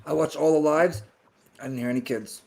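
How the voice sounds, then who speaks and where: A man on a casual live panel chat, outspoken and quick to call things out. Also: fairly high pitch, fairly even intonation, creaky, darkish tone.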